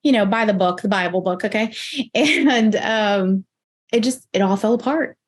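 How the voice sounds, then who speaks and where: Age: 30s. Sex: woman. Role: podcast guest. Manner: animated storyteller, acts out quoted dialogue. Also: medium pitch, normal speed. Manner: animated, acts out her own and others' quoted lines with lots of "like". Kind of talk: personal storytelling in an interview.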